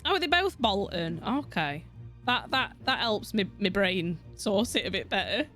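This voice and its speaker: A woman's voice: medium pitch, expressive, moderate pace, fairly bright tone, faint music behind. A woman streaming a detective game, chatting casually with her viewers, giggling often, swearing freely and rambling from thought to thought. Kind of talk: casual gameplay commentary with chat.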